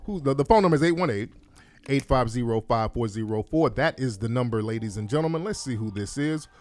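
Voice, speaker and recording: Male radio host, lively pitch, brash teasing banter, music behind. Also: brisk. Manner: loud, joking, profane banter. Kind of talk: casual radio chat.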